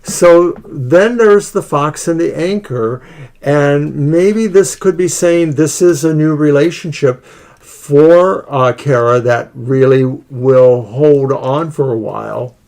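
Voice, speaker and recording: A man co-hosting a live tarot stream in casual chat, speaking in a measured, hesitant way and repeating words as he thinks. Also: a little high, a little mellow. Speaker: tarot reader co-host.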